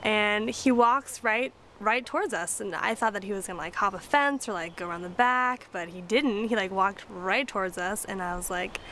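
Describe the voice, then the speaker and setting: A young woman telling a story in a casual, excitable way, with lots of "like". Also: mid-range voice, normal speed, hardly any pauses, a little hiss or hum. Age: young adult. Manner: excitable and chatty, full of "like".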